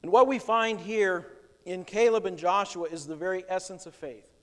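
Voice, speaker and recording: The male pastor's voice sits high and has a fairly bright tone as he preaches at normal speed. In a church sanctuary with long reverb, he explains scripture with plain, emphatic conviction.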